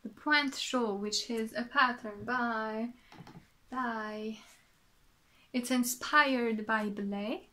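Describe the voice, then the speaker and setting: A woman's voice: fairly high pitch, steady tone, extremely slow, pauses often, sharp tone. A woman from France with a French accent, chatting casually as a podcast host, rambling and correcting herself as she goes. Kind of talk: casual show-and-tell chat.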